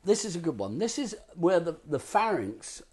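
A man giving a playful voice lesson as a voice coach, swooping between low talk and high vocal demonstrations. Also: sing-song, normal speed, crowd noise.

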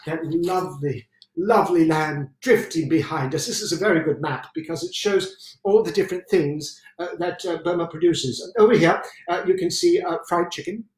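An actor in a one-man show playing an intense, excitable British WWII general, performing a theatrical solo stage monologue and repeating phrases for emphasis. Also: a little high, normal speed, natural voice. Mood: zealous. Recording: roomy sound from a distant mic.

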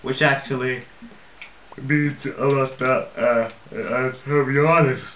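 Here a young man, not a native English speaker, rambles and curses his way through laid-back gameplay commentary while laughing at his mistakes. He talks slowly in a mid-range, fairly bright voice with fairly even intonation. Slight background noise accompanies the lo-fi, roomy recording from a distant home mic.

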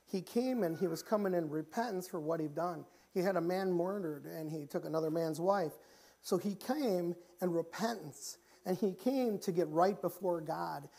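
A man preaching a church sermon, often repeating and restarting phrases and rising in pitch and volume when he reaches the pleading passages. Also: normal speed, vocal fry. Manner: grows louder and higher when pleading passages. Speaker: pastor. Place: church sanctuary.

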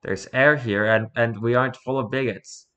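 A man's voice: medium pitch, fairly even intonation, moderate pace, a bit bright, smooth. A man reading online posts aloud as a streamer, with sarcastic, mocking asides in casual commentary. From Pacific Northwest.

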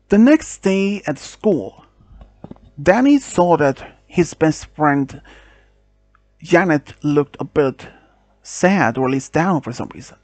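A man narrating an amateur audio story, hesitant and halting with many restarts. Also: fairly high pitch, no room sound.

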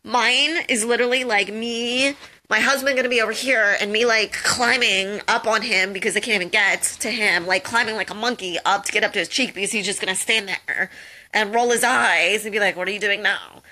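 A woman's voice: medium pitch, steady tone, brisk, sharp tone. A young woman giving casual advice on a live call, chatty and jokey, full of "um" and "like". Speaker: host of a social media tips call.

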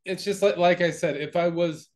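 A man talks on a podcast in a relaxed, casual way, his voice sitting a bit high. He hesitates often, filling pauses with ums and starting his thoughts over. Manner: laid-back, hesitant, many ums. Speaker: podcast co-host. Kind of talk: casual chat.

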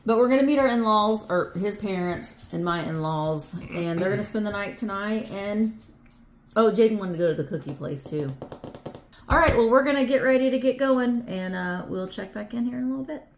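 A woman's voice: medium pitch, a little fast. A woman hosting a casual vlog, chatting playfully and musing aloud as she goes. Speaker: vlog host. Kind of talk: casual chat. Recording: echoey room with some background noise.

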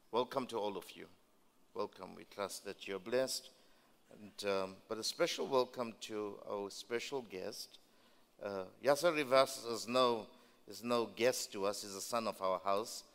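A man's voice: fairly low pitch, a bit bright. A man leading a ministry school session, preaching emphatically and repeating phrases to the crowd. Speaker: pastor hosting a ministry school. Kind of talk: preaching welcome address. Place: large church hall. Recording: long hall reverb.

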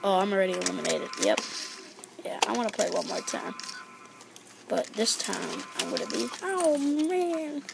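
Chatty gamer woman with a gravelly edge. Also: mid-range voice, normal speed, noisy background. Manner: chatty, excitable, sometimes drops to a whisper. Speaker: gaming video host. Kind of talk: casual let's-play commentary. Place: library. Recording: loud keyboard clatter in background. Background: keyboard typing and clicks.

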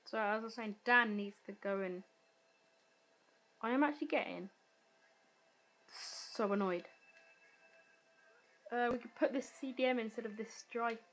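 A woman's voice: on the high side, unhurried, long pauses, a bit bright, slight background noise, rough recording. A woman giving casual, self-deprecating commentary while playing a football video game, often muttering to herself. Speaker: gaming YouTuber.

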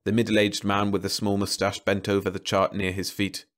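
A man narrating a science fiction novel as an audiobook, with a slow, even storytelling delivery. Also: on the low side.

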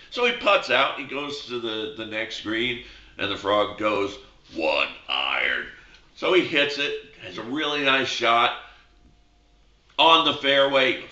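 Bright animated guy telling a joke, casual host, echoey lo-fi room. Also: medium pitch. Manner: lively, animated, with fillers and jokey asides. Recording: roomy, dull lo-fi sound.

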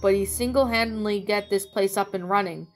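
A woman's voice: medium pitch, brisk, soft background music, close to an everyday voice. A woman reading a fan story, voicing a bitter, reproachful young man. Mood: resentful. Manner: complaining, reproachful.

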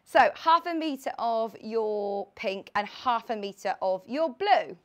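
A young woman in her late twenties hosts a live sewing shopping broadcast from a TV studio. Her voice sits a little high, and she talks in an excitable, chatty way, rambling warmly between product details. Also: slow pace. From United Kingdom. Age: late 20s. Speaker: shopping channel presenter.

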